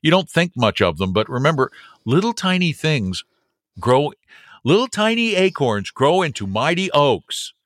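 A man's voice: on the high side, big pitch swings, moderate pace, fairly bright tone, no room sound, studio quality. A man hosting a radio money show, explaining tips in a folksy, playful way. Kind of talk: casual money-advice talk.

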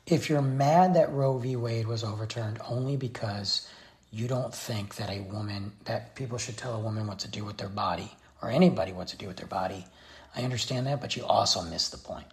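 A man's voice: lowish voice, brisk. A man giving a blunt, exasperated opinion rant straight to his viewers. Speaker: vlogger. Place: Texas.

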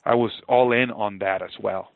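Earnest gravelly man on a phone-like line. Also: on the low side, moderate pace, dry recording. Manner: earnest, animated storytelling, often repeats phrases. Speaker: podcast guest, former baseball player. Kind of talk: storytelling interview. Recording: dry, narrow phone-like sound.

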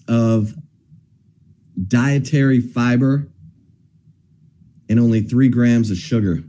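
A man's voice: mid-range voice, fairly even intonation, slow pace, pauses often, warm tone. A man hosting a sports talk show, upbeat and talking up guests and sponsors. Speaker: host.

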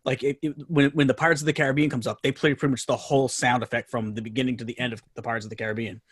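Guest spot: quick, eager New York man, lots of restarts, dry close sound. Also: mid-range voice, flat delivery, fairly bright tone, breathy edge, no room sound. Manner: enthusiastic, rambling with many restarts. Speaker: podcast guest. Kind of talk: casual chat.

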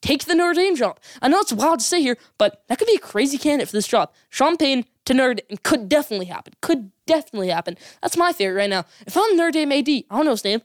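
A woman delivers rapid-fire college football takes as a sports vlogger. She talks quickly, stresses her opinions hard and repeats lines for emphasis. The sound is close and dry, with no room echo. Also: sits high. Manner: emphatic, repeats points for effect.

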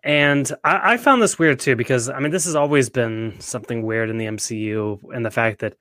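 A man's voice: mid-range voice, brisk, pushed and bright, no echo. A man co-hosting a podcast in a casual recap chat, often asking his co-host's opinion. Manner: conversational, asks his co-host questions. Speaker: podcast co-host.

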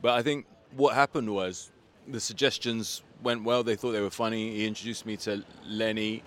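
A man guest, a comedian and rapper, chatting in a casual interview outdoors and telling his story in a relaxed way, with plenty of "like" fillers. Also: on the low side, moderate pace. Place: outdoors on a street.

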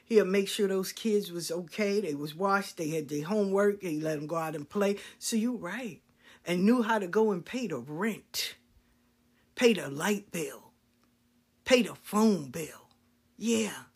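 A middle-aged woman hosting a casual chat show, telling stories in a blunt, profane, animated way. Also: on the low side, unhurried, breathy edge. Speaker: talk show host.

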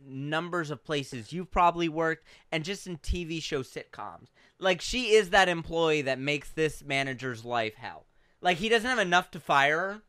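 A man co-hosting a podcast, telling a story in casual chat, going from loud outbursts to hushed asides. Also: fairly high pitch, clean tone, dry recording, studio quality. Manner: animated storytelling, swings from shouting to hushed. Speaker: podcast co-host.

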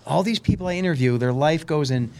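A man's voice: a little high, fast, a little mellow. A man hosting a podcast, interviewing a guest with chatty, encouraging remarks. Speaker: podcast host. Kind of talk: conversational interview.

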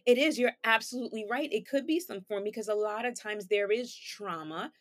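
A woman's voice: a little high, fairly quick. A woman therapist, a guest on an interview podcast, patiently explaining ideas with everyday examples and rhetorical questions.

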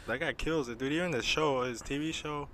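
A young man in casual chat, relaxed and slangy, calling everyone dude. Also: fairly high pitch, a little fast, a little hiss or hum. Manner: easygoing, slangy, says dude a lot. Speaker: podcast co-host.

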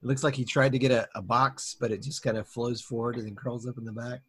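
A man's voice: mid-range voice, little pitch movement, fast, a bit bright, husky. A man performing in an improv comedy podcast sketch, asking bemused, laughing questions.

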